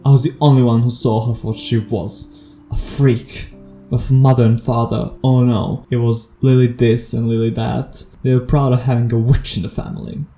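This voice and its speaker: Man doing a shrill scornful middle-aged aunt, ranting, dark-toned reader. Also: level tone, normal speed, reverberant, soft background music, lightly acted.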